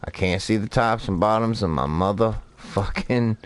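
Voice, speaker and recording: A man's voice: fairly low pitch, moderate pace, clear, resonant tone. A man streaming a fishing game, telling rambling, profane stories while he plays. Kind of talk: casual gameplay commentary.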